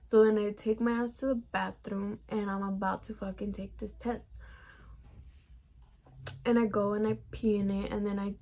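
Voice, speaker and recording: Young woman vlogger, gravelly fry, chatty swearing storytime, mid-pitched. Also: flat delivery, normal speed, warm tone. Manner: chatty, profane, heavy use of "like". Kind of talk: casual storytime vlog.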